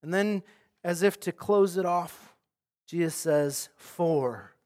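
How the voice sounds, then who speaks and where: A middle-aged man preaching a sermon as pastor, earnest, swinging between loud emphatic lines and hushed, quiet ones. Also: a little high, takes it slowly.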